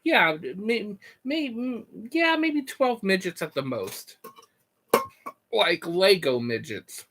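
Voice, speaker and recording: A young man live-streaming in a loose, rambling way, joking with his chat. His voice sits a touch high and sounds bright and forward. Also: expressive, slow pace, a little hiss or hum. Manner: goofy, rambling, reads chat and jokes.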